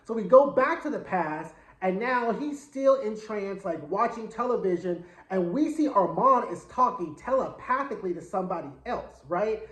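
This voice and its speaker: A man's voice: high-pitched, expressive, moderate pace, a bit bright. A man giving a casual episode recap. His retelling is chatty, slangy and dramatic. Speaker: TV show reviewer. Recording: echoey room.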